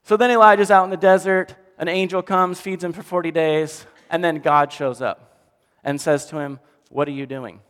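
A male pastor preaching a sermon in an animated storytelling way, often dropping to quiet for emphasis. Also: sits high, normal speed, smooth. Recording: long hall reverb.

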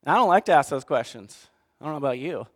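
A man preaching a sermon, swinging between hushed asides and fired-up outbursts. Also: mid-range voice, lively intonation, quick pace, long reverb tail. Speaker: pastor.

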